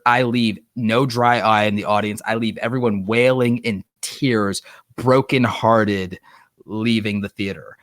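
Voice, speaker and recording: A man hosting a live online show, talking excitedly in a rambling way and saying "like" a lot. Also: lowish voice, dry recording, clean studio sound. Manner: excited, rambling, heavy use of "like". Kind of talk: casual livestream chat. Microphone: online streaming setup.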